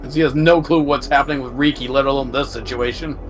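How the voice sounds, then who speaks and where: A man's voice: medium pitch, steady tone, quick pace, faint music behind. A man playing a tabletop game, talking in character and joking bluntly with the table. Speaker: player.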